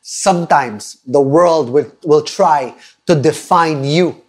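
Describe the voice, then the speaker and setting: A man's voice: a little high, slow pace. Male preacher, 30s, online sermon, earnest and emphatic storyteller. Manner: earnest, emphatic, asks listeners to type responses.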